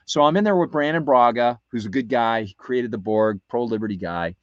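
A man's voice: mid-range voice, brisk, no echo, lo-fi sound. A man co-hosting a talk radio show, telling a rambling story with many restarts. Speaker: radio co-host. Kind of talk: casual anecdote on talk radio.

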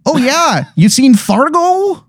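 A man voicing a bumbling male wizard in an exaggerated Upper Midwest accent, high and folksy. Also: very animated, slow, dry recording, studio quality, full character voice.

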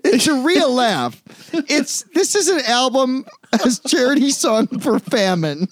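A man co-hosting a podcast in casual chat, excitable and laughing often, his pace swinging between quick and drawn out. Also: extremely high pitch, no echo. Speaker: podcast co-host.

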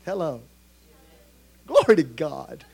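High-voiced Texan pastor preaching loudly. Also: male voice, huge pitch swings, slow, vocal fry, breathy edge. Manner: swings from low storytelling to loud shouted preaching. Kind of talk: sermon.

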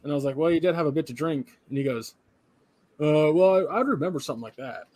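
A man's voice: fairly high pitch, fast talker, dry recording. A tired young man, a podcast co-host, casually retelling a work story and acting out the voices of the people in it. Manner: animated retelling, acts out quoted voices, swears casually.

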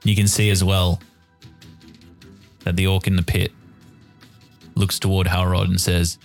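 A low-voiced man runs a tabletop game as game master, describing the scene in a deliberate, descriptive way. Faint music plays underneath him. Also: flat delivery.

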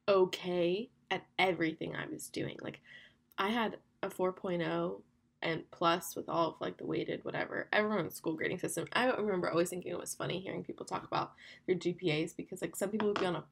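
Young woman podcast host, creaky and husky, candid chatty delivery. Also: mid-range voice. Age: young adult. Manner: chatty, candid, fast with lots of "like". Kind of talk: casual solo podcast talk.

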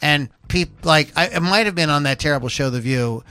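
A man's voice: a little high, a little fast, sharp tone, clear, resonant tone, no echo. A man hosting a casual podcast chat, rambling with many fillers and restarts. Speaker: podcast host.

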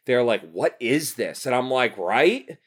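A man in his thirties from New Jersey, telling stories in a casual podcast chat, animated and full of swearing. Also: mid-range voice, measured pace, husky. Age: 30s. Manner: animated, profane storytelling.

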